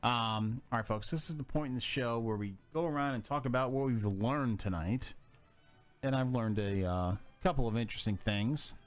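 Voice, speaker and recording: A man's voice: mid-range voice, moderate pace, faint music behind. A man hosting a casual podcast who laughs often and trades crude jokes with his co-host.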